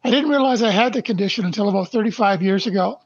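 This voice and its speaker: Older man, slow and emphatic, dull lo-fi audio. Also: sits high, husky, dry recording. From Canada. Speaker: podcast guest. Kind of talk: interview, reading his life story aloud.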